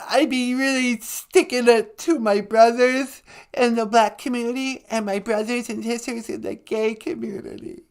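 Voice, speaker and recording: A woman's voice: high voice, a little mellow. A woman voicing a whiny male celebrity caller who fake-sobs, giggles and insists he is innocent, in a comedic prank-call sketch.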